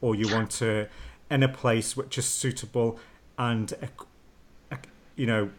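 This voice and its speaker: Male host, gentle and probing, average pitch, a bit hesitant. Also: steady tone, a little slow. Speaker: interviewer, host. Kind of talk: interview.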